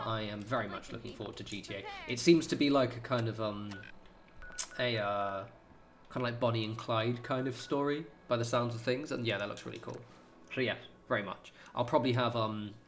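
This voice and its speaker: A man's voice: fairly low pitch, gravelly, a bit bright, a little hiss or hum. Rambling, sweary streamer guy. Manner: rambling, sweary, lots of fillers. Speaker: gaming streamer. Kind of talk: casual chat while playing.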